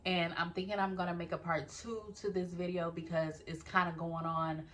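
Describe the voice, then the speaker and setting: A young woman chats through a storytime vlog in a casual, animated way. She talks straight to her viewers and swears freely. Her voice sits a little low for a woman. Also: normal speed. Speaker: vlogger telling a story.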